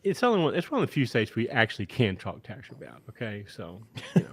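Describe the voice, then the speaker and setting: A man's voice: fairly low pitch, huge pitch swings, husky. Teasing podcast co-host, a man. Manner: teasing, quick to correct, good-humored. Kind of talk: casual chat.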